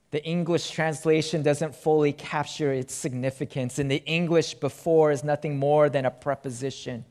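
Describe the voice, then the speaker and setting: A man preaching a sermon to his congregation in a slow, emphatic delivery that swells loud and then sinks quiet. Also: medium pitch. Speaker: pastor.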